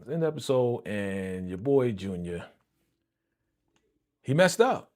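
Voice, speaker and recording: Animated man recapping an episode. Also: medium pitch, unhurried. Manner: excited, slangy retelling with chuckles. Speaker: reaction streamer. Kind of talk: casual live reaction recap.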